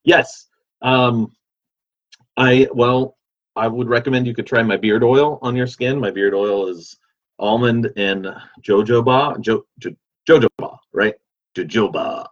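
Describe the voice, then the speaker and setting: A man's voice: mid-range voice, a bit bright. A man hosting a livestream, chatting casually and reading out viewer comments in an easygoing, rambling way with many fillers. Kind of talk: casual chat. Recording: dull lo-fi sound.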